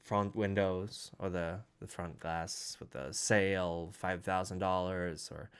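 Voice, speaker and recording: A man narrates a tabletop role-playing session as game master, thinking aloud and pausing as he goes. His voice sits low and deep. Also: little pitch movement, clear, resonant tone. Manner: hesitant, thoughtful narration with fillers.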